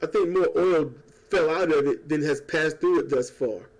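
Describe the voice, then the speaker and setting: A man talking at home in a casual political rant. He rambles, swears and turns sarcastic, tossing in quick mocking impressions. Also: on the high side. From United States. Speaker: YouTuber. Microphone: old desk microphone.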